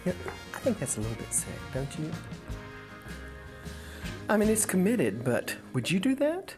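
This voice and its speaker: A woman speaking wryly in a deadpan mock interview, asking pointed questions. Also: fairly low pitch, moderate pace, faint music behind. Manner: wry, questioning.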